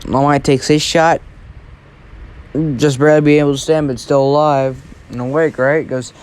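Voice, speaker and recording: A man's voice: a little high, level tone, normal speed, darkish tone, clear, resonant tone. Man rambling through a made-up story. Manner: rambling, filler-heavy, restarts lines. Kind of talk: casual improvised storytelling.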